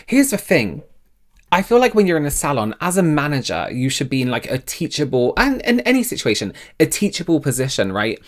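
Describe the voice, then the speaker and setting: A man hosting a reaction video, blunt and opinionated, swearing casually as he comments. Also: mid-range voice. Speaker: reaction channel host.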